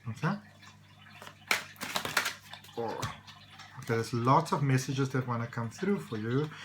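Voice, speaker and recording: A man's voice: medium pitch, measured pace, a little hiss or hum, low-quality recording. A man giving a casual tarot reading, rambling and reassuring with many fillers. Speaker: tarot reader.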